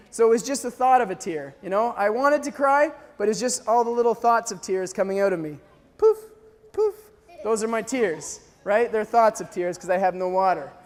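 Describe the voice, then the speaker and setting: A man from Canada tells a gripping survival story to a crowd, his voice sitting very high for a man. He acts out the cries and dialogue with lively energy, and a long hall reverb trails each phrase. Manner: animated storyteller, acting out shouts and dialogue. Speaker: speaker telling a mission story. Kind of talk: storytelling talk to a live audience.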